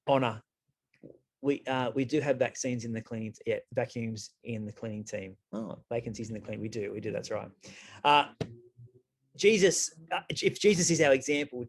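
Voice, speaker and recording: Chatty pastor, man. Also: medium pitch. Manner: chatty, with frequent restarts and asides. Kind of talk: conversational sermon to an online group.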